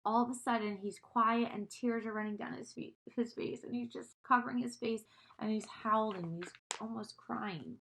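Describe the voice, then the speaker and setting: A woman reading a children's storybook aloud, gently stopping to explain words and ask her listeners questions. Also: fairly high pitch, steady tone, moderate pace, vocal fry, slight background noise.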